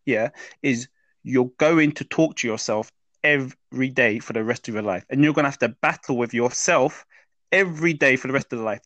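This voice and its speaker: A man's voice: mid-range voice, a bit bright, no echo, lo-fi sound. Man explaining, dry close sound. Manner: explanatory, checks in with "yeah?" and "does that make sense?". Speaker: mindset teacher. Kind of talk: interview explanation.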